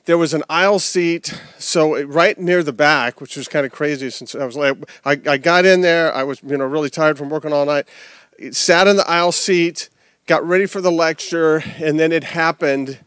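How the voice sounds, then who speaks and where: A man's voice: fairly high pitch, normal speed, fairly bright tone, clear, resonant tone, no echo, studio quality. A man preaching a conversational sermon outdoors, with rhetorical questions and repeated phrases. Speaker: pastor. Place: outdoor service.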